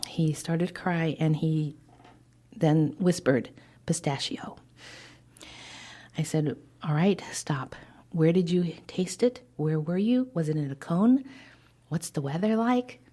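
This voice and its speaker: Animated woman telling a story, low-pitched. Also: measured pace. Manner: animated storyteller who acts out quoted dialogue. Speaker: intuitive advisor guest. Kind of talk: podcast interview storytelling.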